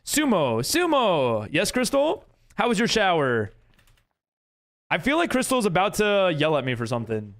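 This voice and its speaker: A man's voice: sits high, big pitch swings, normal speed, fairly bright tone. A young man streaming, chatting casually with viewers, laughing often and using lots of fillers. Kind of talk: casual live-stream chat reading viewer messages.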